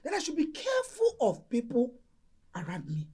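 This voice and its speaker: An excitable Nigerian mother, husky and lively. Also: high voice, moderate pace, exaggerated voice. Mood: uneasy. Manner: exclaims loudly, mixes Igbo into English. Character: excitable middle-aged mother, married, children grown. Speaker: actress in a film. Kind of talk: Nollywood film acting.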